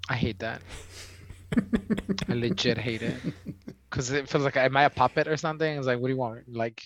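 A man co-hosting a podcast, ranting in an animated, exasperated way in casual chat. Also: mid-range voice, a little fast, rough recording. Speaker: podcast co-host.

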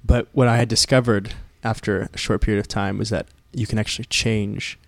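Man, low gravelly voice, relaxed podcast co-host, dry close sound. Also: brisk, no room sound. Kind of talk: casual chat.

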